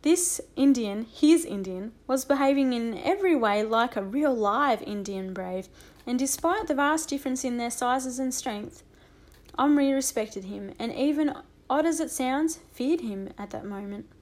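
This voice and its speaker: A woman narrating a children's audiobook with a lively, expressive reading. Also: sits high, measured pace.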